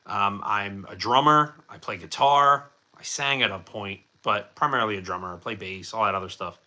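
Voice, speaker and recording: A man's voice: lowish voice, normal speed, pushed and bright. A man hosting a casual livestream, answering viewer chat in a rambling, jokey way with lots of fillers. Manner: rambling and chatty with many fillers; self-deprecating and jokey. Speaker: livestream host.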